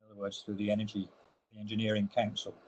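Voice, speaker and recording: A man's voice: lowish voice, monotone, rapid-fire, darkish tone, husky, rough recording. A man giving a webinar slide presentation, explaining each step and leaning hard on the key words. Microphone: online webinar audio.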